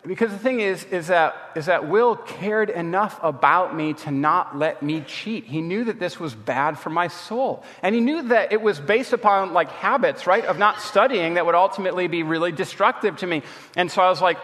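Male preacher, story-driven conversational sermon, slightly high voice, reverberant recording. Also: normal speed, fairly bright tone. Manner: conversational storytelling, acting out quoted friends. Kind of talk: sermon with personal stories. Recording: long reverb.

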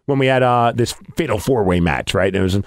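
A man hosting a podcast, telling a story in a casual, animated way and acting out his own reactions. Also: fairly low pitch, a little fast, no echo, studio quality. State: losing his voice. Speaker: podcast host.

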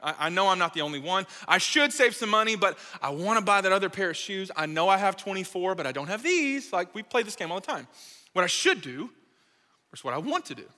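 Guy preaching to a crowd, high sharp voice, jokey and chatty, big echoey hall. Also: expressive, quick pace. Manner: playful, jokey, talks straight to the crowd. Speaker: speaker at a college ministry gathering. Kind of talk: lively sermon to a live audience. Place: large hall with live audience. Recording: reverberant hall.

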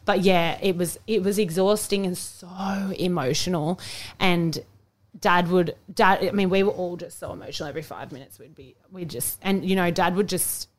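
Chatty Australian woman, lowish voice. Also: moderate pace. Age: young adult. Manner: chatty and emotional, many restarts and "like"s. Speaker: podcast co-host. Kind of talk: casual chat.

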